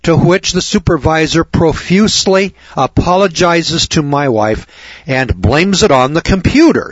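A husky-voiced man spins a rambling, indignant monologue on air. His voice comes through dry and close, on a dull lo-fi recording. He circles back, repeats himself and keeps talking at the listener. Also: a little high, expressive, measured pace, no echo. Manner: indignant, repetitive, conversational.

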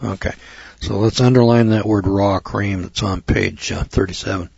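A man's voice: fairly low pitch, steady tone, moderate pace, creaky, a little mellow, husky, no echo, highs cut off. A man giving a lecture, reading aloud from a text and adding emphatic, preachy commentary with mocking asides to his audience.

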